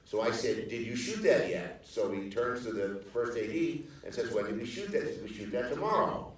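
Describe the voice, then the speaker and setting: A man's voice: mid-range voice, moderate pace. An older man spins long, rambling anecdotes on a theater stage, stumbling through restarts and fillers and slipping into other people's voices when he quotes them. His voice sits in an ordinary middle register and rings around a big, echoey hall, picked up from a distance. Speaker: screenwriter and producer guest on a panel. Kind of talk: storytelling anecdotes at a live Q&A. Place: theater stage in front of an audience.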